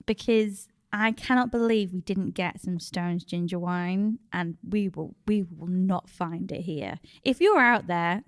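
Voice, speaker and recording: A woman's voice: lowish voice, smooth, no room sound. Casual British woman podcast co-host, chatty storyteller who laughs a lot, dry close sound. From Britain. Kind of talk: casual chat.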